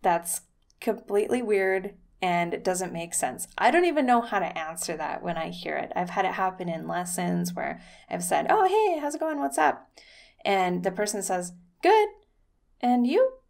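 A woman's voice: on the low side, animated, normal speed, vocal fry, darkish tone. A young adult woman teaching English in a casual video lesson, chatty and upbeat, acting out short sample dialogues.

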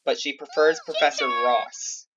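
A woman's voice: sits low, steady tone, measured pace, highs cut off, noisy background. A woman hosting a casual gameplay video, chatting playfully and talking to her in-game pets. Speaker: let's play host. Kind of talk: casual gameplay chat with light role-play.

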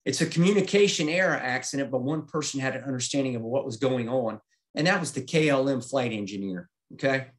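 A man's voice: mid-range voice, brisk. A middle-aged man giving a safety presentation, walking through slides step by step in a plain-spoken way and checking in with "okay?". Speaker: aviation safety instructor.

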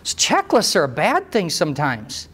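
Animated man telling a story to an audience. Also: on the high side, normal speed, breathy edge. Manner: animated and conversational, with rhetorical questions and asides. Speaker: trainer who teaches mechanics, giving a talk. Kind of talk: storytelling presentation to a live audience.

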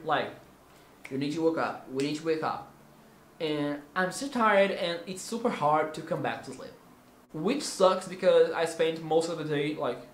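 A fairly high-pitched male vlogger from Brazil, in his twenties and a first-language Portuguese speaker with a Brazilian Portuguese accent, hams it up with playful, theatrical teasing in a casual Q&A. The audio sounds roomy and carries a little hiss or hum.

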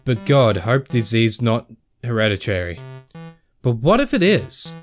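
A man's voice: medium pitch, big pitch swings, unhurried, faint music behind. A young man commentating a video game, who reads the inner thoughts in choppy broken grammar and swears casually while joking. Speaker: gamer playing and reading a game. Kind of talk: let's play commentary.

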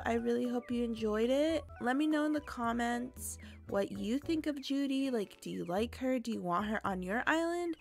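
A young woman streamer chatting excitedly to her viewers while she plays a game. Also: fairly high pitch. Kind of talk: casual gaming chat.

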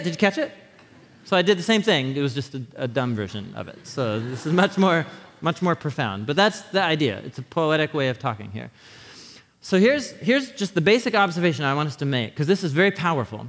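Animated preacher in a reverberant hall. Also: male voice, on the high side, a little fast. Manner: conversational, checks in with the audience often; animated teaching with frequent restarts. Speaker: pastor. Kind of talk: sermon. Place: church sanctuary.

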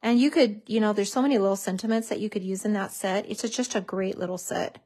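A woman's voice: medium pitch, steady tone, quick pace, hardly any pauses, a little mellow. A woman hosting a craft tutorial, chatting casually and gushing over how cute everything is as she works.

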